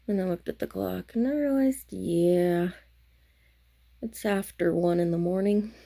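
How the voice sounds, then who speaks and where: Late at night, a tired craft vlogger talks casually to the camera about her stitching in a lowish, gravelly, dark-toned voice. She rambles, interrupts herself, and loses her words as she chats.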